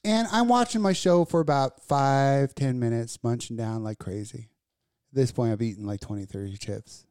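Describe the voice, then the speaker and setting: A woman co-hosting a podcast, telling a story in a casual, animated and profane way. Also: a bass voice, moderate pace, clear, resonant tone, no room sound, studio quality. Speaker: podcast co-host. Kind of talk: casual chat.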